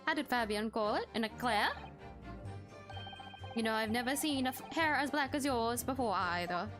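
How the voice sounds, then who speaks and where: A fairly high-voiced woman streamer reads game dialogue aloud, doing the characters' voices. She stumbles over words and laughs at her own slips in a playful, loose way. Game background music plays clearly under her voice. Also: moderate pace.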